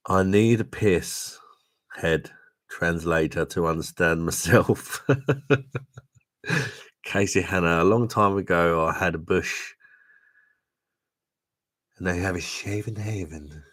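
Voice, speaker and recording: A man's voice: low voice, slow, long pauses, a bit bright. A man hosting a casual drinking livestream, tipsy, laughing often and calling people "mate". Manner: swearing, laughing, says "mate" a lot. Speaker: livestream host reading viewer comments. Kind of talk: casual chat.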